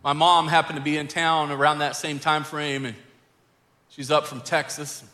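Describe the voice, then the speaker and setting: A man's voice: on the high side, flat delivery, normal speed, bright, forceful tone. A middle-aged man, a pastor preaching a sermon and telling a family story, earnest and building to emphatic exhortation. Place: church sanctuary. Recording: church hall reverb with faint music.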